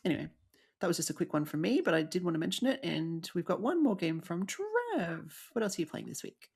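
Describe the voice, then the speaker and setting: A woman's voice: lowish voice, very animated, brisk, creaky, darkish tone, breathy edge. A woman co-hosting a podcast, chatting casually and upbeat, laughing often. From Australia. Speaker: podcast co-host. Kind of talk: casual chat.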